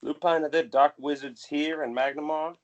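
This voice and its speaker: Mann spielt einen misstrauischen Stadtwächter. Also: male voice, on the high side, fairly even intonation, moderate pace, highs cut off, close to an everyday voice. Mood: probing. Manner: probing, coaxing, formal "sir". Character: suspicious male city guard interrogating a suspect.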